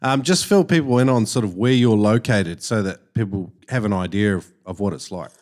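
A man's voice: fairly low pitch, normal speed, darkish tone. Upbeat Australian podcast host man. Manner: enthusiastic, laid-back slang. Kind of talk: casual podcast interview.

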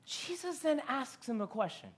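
A preacher delivering a sermon from a stage, telling the story in an animated way, full of rhetorical questions and casual slang. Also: high voice, moderate pace, husky.

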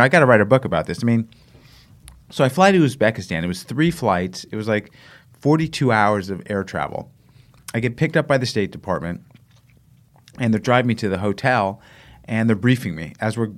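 An American man, a guest runner, telling stories in a casual interview, animated and laughing, acting out the voices of people in his stories. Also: on the low side. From United States. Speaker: guest, long-distance runner.

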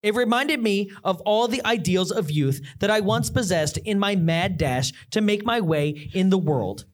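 Podcast host, lively swooping pitch, reads reviews aloud for laughs. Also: normal speed. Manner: animated, mock-dramatic reading with swooping pitch. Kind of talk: reading reviews aloud for comedy.

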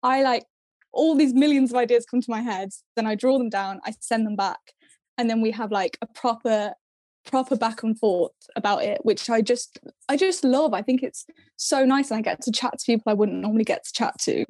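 A woman's voice: on the high side, brisk, darkish tone, dry recording. A young woman from northern England, a guest chatting casually and giggling often about her craft. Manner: giggly, chatty, self-deprecating. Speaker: guest, egg decor maker. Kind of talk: casual chat.

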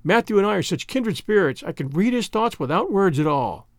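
A man's voice: sits high, very animated, fairly quick, dry recording. An eager, dreamy girl, as a man reading a storybook puts her on, chattering on in long, earnest runs. Her voice swings freely up and down. The sound is dry and close.

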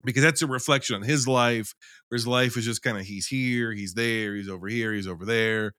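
A man co-hosting a casual film podcast, talking in a loose, animated way, swearing and acting out scenes as he argues his view. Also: mid-range voice, fairly quick, clean tone, no echo, clean studio sound. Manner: animated, profane, acts out scenes in quotes. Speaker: podcast co-host.

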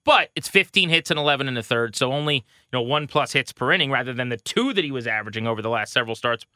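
A man co-hosting a baseball podcast, casually rattling off pitching stats with a wry edge. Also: lively intonation, fast talker, bright, forceful tone, no room sound, clean studio sound. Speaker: podcast co-host. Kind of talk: casual sports talk.

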